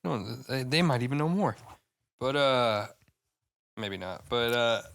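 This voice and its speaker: A man's voice: medium pitch, lively intonation, measured pace, a bit bright. A young man with a Midwestern accent, co-hosting a podcast in loose, slangy banter, laughing often. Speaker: podcast co-host. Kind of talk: casual chat.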